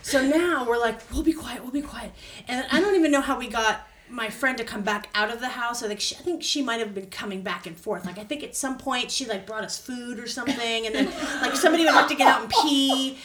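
A woman's voice: a little high, brisk, few pauses, far from the mic, a crowd in the background. A woman guest telling a story casually and animatedly, acting out the quotes. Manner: animated, acts out quotes loudly. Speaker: podcast guest. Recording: roomy echo.

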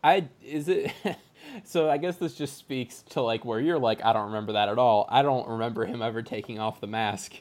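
A man hosting a casual movie podcast, relaxed and quick to laugh. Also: mid-range voice. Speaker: podcast host. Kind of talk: casual chat about movies.

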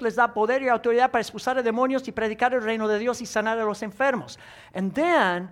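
A man preaching as pastor to a congregation, animated, getting the room to make sound effects and then repeating each point in a second language. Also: very high voice, very fast. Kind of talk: bilingual sermon. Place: church sanctuary.

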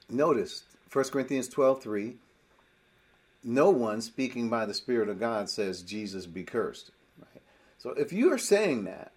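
A man leading a Bible study to listeners on a group call, emphatic, asking rhetorical questions and swinging between loud and quiet. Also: lowish voice, slightly rough. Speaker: Bible teacher.

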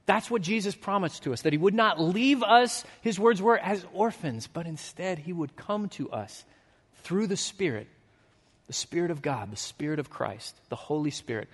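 Animated, high-voiced pastor in a reverberant hall. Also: male voice, moderate pace. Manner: storytelling, swinging from animated to hushed and earnest. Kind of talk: sermon.

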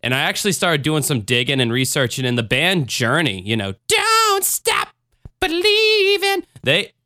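A man's voice: mid-range voice, animated, fairly quick, sharp tone, dry recording. A man hosting a podcast in casual chat, rambling and sarcastic, with profane jokes. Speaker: podcast host.

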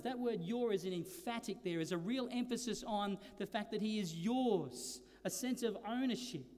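A man with a high voice preaches a sermon, slowing to hammer home key words and dropping low and quiet between peaks. His voice rings out with a long hall reverb behind it. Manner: preaching with slow emphatic stresses and dynamic swings. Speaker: pastor.

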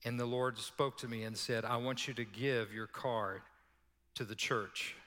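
Storytelling pastor in a reverberant hall. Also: male voice, mid-range voice, fairly even intonation, a little slow, bright, forceful tone. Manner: conversational, laughing asides, acts out quoted voices. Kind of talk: sermon storytelling. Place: church sanctuary. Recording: long church hall reverb.

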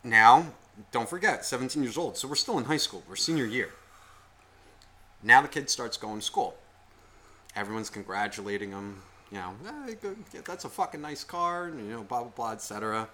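A man's voice: fairly low pitch, normal speed, sharp tone, a little hiss or hum. A man co-hosting a podcast, telling a rambling, profanity-laced story in casual chat. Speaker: podcast co-host.

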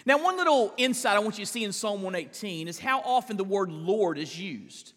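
A male pastor preaching a live sermon in a church, emphatic, with big swings in pitch and drawn-out stressed words. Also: lively intonation, fairly bright tone, long reverb tail. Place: large church sanctuary.

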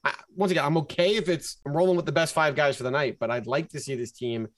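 A man's voice: a little high, fairly even intonation, fast, no echo. A man co-hosting a casual sports podcast, animatedly walking through game sequences. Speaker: podcast co-host.

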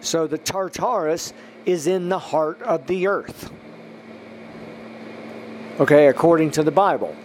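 A man's voice: a little high, animated, measured pace, long pauses, slight background noise. A man hosting a religious podcast, preaching emphatically and then praying over a long list of listeners. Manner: emphatic, rising to stress points, then praying through a list. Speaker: podcast host.

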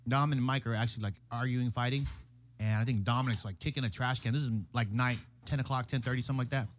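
A man's voice: mid-range voice, steady tone, fast talker, slight background noise. A man in casual chat, telling a story with lots of swearing and acting out the quoted lines. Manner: profane storytelling, acts out quotes loudly.

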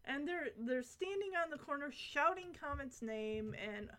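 A woman's voice: high voice, lively intonation, measured pace, pushed and bright. A young woman recapping a sitcom episode in casual, rambling chat with giggly asides.

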